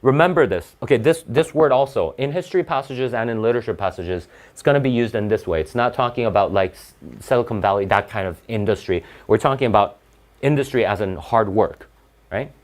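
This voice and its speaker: A man's voice: lowish voice, brisk. A young man tutoring for the SAT, reading a passage aloud and explaining it in a casual, blunt way, full of rhetorical questions and fillers.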